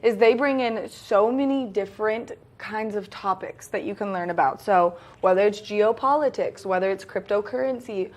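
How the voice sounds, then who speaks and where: A woman co-hosting a local TV morning show, talking enthusiastically and rushing through event listings until she runs short of breath. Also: mid-range voice. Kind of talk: upbeat local TV chat.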